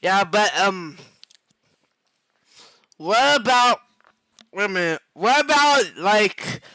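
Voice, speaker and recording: Giggly slow-talking man, bright dry voice. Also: sits high, expressive, no echo, rough recording. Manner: giggly, hesitant, repeats himself when starting a question. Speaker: person chatting with an AI chatbot. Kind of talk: casual chat.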